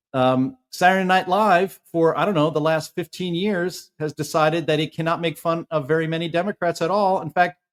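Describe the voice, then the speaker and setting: Opinionated man in his fifties. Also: on the high side. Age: 50s. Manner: opinionated, animated commentary. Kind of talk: casual podcast chat.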